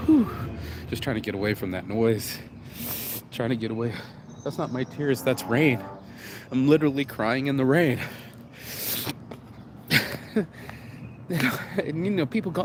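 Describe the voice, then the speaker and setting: A man's voice: medium pitch, expressive, measured pace, pauses often. A man in an emotional vlog, talking raw and rambling through tears and laughs while out in the rain on a street. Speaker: vlogger. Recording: noisy outdoor street recording. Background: street noise and passing vehicles.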